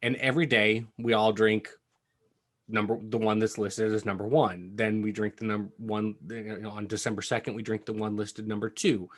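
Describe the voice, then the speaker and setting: A man's voice: on the low side, little pitch movement, normal speed. A man co-hosting a casual bourbon podcast, blunt and opinionated, swearing freely as he talks. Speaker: podcast co-host. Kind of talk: casual chat.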